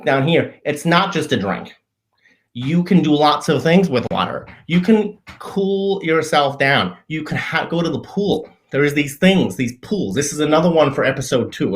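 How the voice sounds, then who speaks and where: A man hosting a comedy show, explaining obvious everyday things in a mock-earnest, deadpan way, often stopping and restarting his sentences. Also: mid-range voice. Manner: halting, frequent restarts and self-corrections. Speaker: show host.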